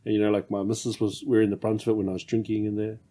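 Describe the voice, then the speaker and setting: A man's voice: lowish voice, level tone, very fast, mellow. Candid New man hosting a podcast. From New Zealand. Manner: candid, reflective, swears casually. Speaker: podcast host. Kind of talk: casual chat.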